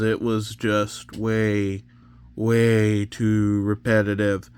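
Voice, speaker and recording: Slow-talking man rambling through a toy review. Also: fairly low pitch, smooth, dry recording. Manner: rambling, self-deprecating, drifts into joke accents. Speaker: Lego set reviewer.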